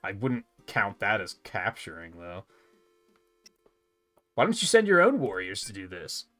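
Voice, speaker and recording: A man's voice: on the low side, huge pitch swings, measured pace, fairly bright tone, faint music behind. A male streamer commenting sarcastically on a game as he plays, laughing and swearing casually.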